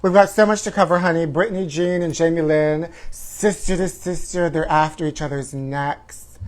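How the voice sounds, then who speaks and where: A man's voice: a little high, fairly even intonation, moderate pace. A man hosting a comedic gossip show, campy and sassy, calling listeners honey. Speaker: host. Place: home livestream.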